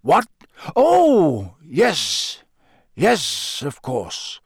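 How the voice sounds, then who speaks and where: Guy doing a gruff muttering old wizard, slow and grim, warm-ish low voice, storybook reading. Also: huge pitch swings, no room sound, studio quality, exaggerated voice. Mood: guarded. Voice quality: gruff, growling. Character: gruff older male wizard, grim and watchful.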